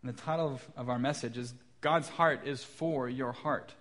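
A man's voice: mid-range voice, fairly even intonation, normal speed, a bit bright. A man in his thirties, a pastor preaching a sermon in a church, telling stories about his young kids with light self-deprecating humor. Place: church sanctuary.

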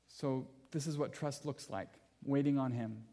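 A man's voice: mid-range voice, steady tone, a little slow, warm tone. A man preaching a sermon in an earnest, emphatic way, repeating key phrases and weaving in personal stories with light humor. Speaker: pastor.

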